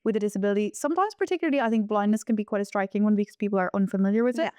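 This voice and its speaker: A woman interviewing a colleague, speaking in a thoughtful, measured, reflective way. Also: medium pitch, a little mellow, clear, resonant tone, dry recording, studio quality. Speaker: interviewer, manager. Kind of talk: conversational interview.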